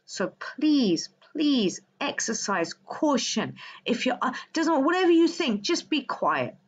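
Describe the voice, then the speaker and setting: A woman's voice: sits high, big pitch swings, takes it slowly, slightly rough. A woman hosting a wellbeing livestream, talking to her viewers in a casual, passionate, emphatic monologue. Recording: slightly dull lo-fi audio.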